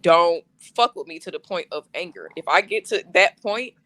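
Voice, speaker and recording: A man's voice: high-pitched, animated, normal speed, sharp tone, no room sound. A man co-hosting a casual podcast, telling a personal story with lots of slang and swearing. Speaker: podcast co-host.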